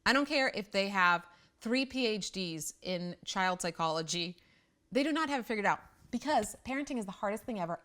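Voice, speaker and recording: A woman's voice: fairly high pitch, a bit bright. Blunt, chatty middle-aged woman. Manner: blunt, self-deprecating, chatty. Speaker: parenting host. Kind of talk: casual talk to camera.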